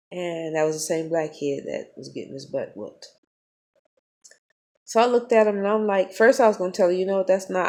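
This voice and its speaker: A woman, telling a personal story in a casual vlog, blunt and profane, animated as she talks. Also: sits low. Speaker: spiritual vlogger.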